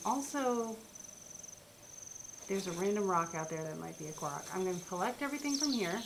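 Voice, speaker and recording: Woman streamer, casual chatty gameplay talk, mid-pitched, noisy home recording. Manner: chatty, rambling, talks to viewers and game characters. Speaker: streamer playing a video game. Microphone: desk microphone. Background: household sounds, dog noises.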